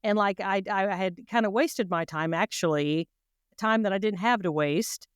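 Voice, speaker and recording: A woman hosting an interview, enthusiastic and halting, restarting her sentences as she reacts to her guest. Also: medium pitch, clear, resonant tone, no echo, studio quality. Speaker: podcast host. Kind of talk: conversational interview.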